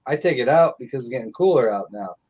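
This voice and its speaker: A man's voice: mid-range voice, animated, fast talker, darkish tone, slightly rough. A middle-aged man telling stories in casual live-stream chat, blunt and profane.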